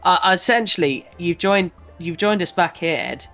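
A man's voice: high voice, moderate pace, bright, forceful tone, faint music behind. A young British man co-hosting a podcast, rambling casually, swearing and laughing as he talks. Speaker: podcast co-host. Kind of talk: casual chat.

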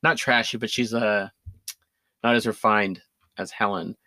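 A man's voice: fairly low pitch, fairly even intonation, a little slow, bright, forceful tone, dry recording. A man in casual conversation, recapping a film with enthusiasm, often laughing and restarting his sentences. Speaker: podcast co-host.

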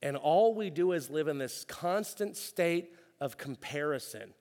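A man in his thirties preaching a sermon as pastor, conversational and energetic, acting out little quotes as he goes. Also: fairly high pitch, unhurried, hardly any pauses. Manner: energetic, conversational, acts out quotes with rising excitement. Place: church sanctuary. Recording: long reverb of a church hall.

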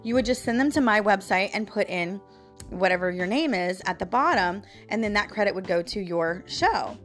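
A woman's voice: medium pitch, expressive, normal speed, fairly bright tone, soft background music. A woman hosting her own audio blog, venting to her listeners in an emphatic, frustrated way and speaking to them directly. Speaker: podcast host. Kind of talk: casual venting monologue.

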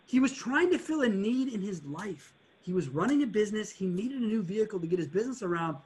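A man's voice: sits high, fast talker. A man who used to run a car dealership, chatting on a podcast and acting out customers as he tells stories. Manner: animated storyteller, acts out customers, swears. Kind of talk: casual podcast chat.

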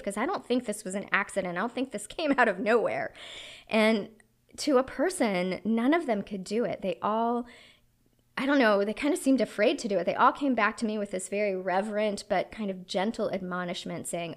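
A woman's voice: mid-range voice, normal speed. Earnest woman preaching a sermon. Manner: earnest, reflective storytelling.

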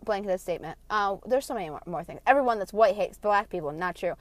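A woman delivering a heated, profane vlog rant, blunt and passionate, swinging between loud outbursts and quieter asides. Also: medium pitch, lively intonation, fast, dry recording. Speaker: vlogger. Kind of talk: ranting monologue.

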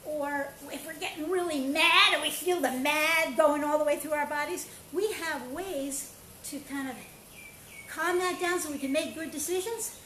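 A woman teaching a playful online karate and breathing class, coaching with counts and energetic shouts. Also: sits high, normal speed. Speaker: karate and movement instructor. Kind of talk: live online exercise class. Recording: echoey room with faint ambient noise.

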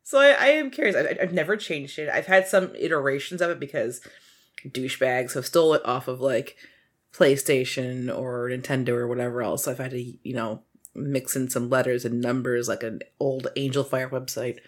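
A woman's voice: very deep voice, normal speed. A woman hosting a podcast in casual chat, rambling and laughing often between fillers. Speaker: podcast host.

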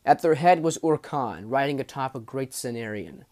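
A man narrating a fantasy audiobook in a measured, dramatic way, dropping low at the ends of phrases. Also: expressive, a little mellow. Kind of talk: storybook narration.

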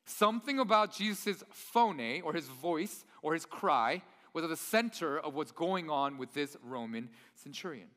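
Guy preaching, kinda nerdy and excited, bright tone, hall echo. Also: fairly high pitch, a little slow, few pauses. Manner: enthusiastic, nerdy, conversational. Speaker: pastor. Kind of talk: sermon.

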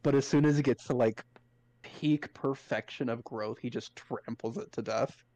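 A man's voice: medium pitch, normal speed, darkish tone, lo-fi sound. Easygoing male player, chuckling, mid-range voice. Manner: easygoing, laughs often. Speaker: player inventing a character. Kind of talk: casual tabletop chat.

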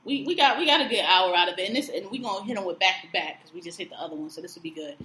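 A woman's voice: medium pitch, animated, rapid-fire, bright, forceful tone, reverberant, slight background noise. A woman co-hosting a podcast, chatting casually and profanely about a reality show, acting out quotes with laughter. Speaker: podcast co-host.

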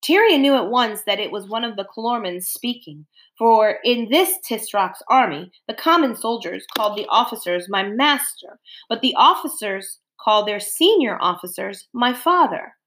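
A woman narrating a storybook aloud in an expressive, dramatic way. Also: medium pitch, moderate pace, few pauses, poor audio.

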